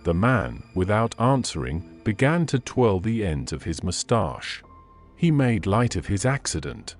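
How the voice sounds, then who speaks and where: Guy narrating an old story, lowish voice, super expressive, slow. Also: faint music behind. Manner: measured, expressive reading. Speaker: audiobook narrator. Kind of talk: scripted narration of a classic story.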